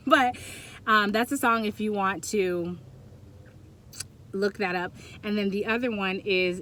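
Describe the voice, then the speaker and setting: A woman giving a pick-a-pile tarot reading, talking in a rambling, halting way that often turns emotional, recorded on a Bluetooth mic. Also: medium pitch, fairly bright tone, a little hiss or hum. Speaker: tarot reader.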